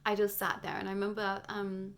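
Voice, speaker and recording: A woman's voice: medium pitch, monotone, brisk, a bit bright. A young British woman giving a rambling, earnest spiritual monologue on her channel, full of fillers and restarts.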